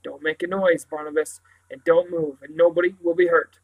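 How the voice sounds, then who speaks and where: Hushed menacing young guy in a storybook, read by a man, low and curt. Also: little pitch movement, moderate pace, dry recording, poor audio. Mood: quiet threat. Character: soft-spoken young male kidnapper, curt, menacing.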